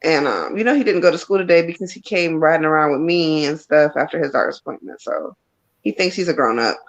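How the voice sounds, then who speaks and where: A woman's voice: deep voice, fast. A woman reader on a live stream, chatting frankly and reading tarot cards with a casual, cursing manner. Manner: frank, chatty, laughs and curses freely. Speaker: psychic reader. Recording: dull lo-fi stream audio.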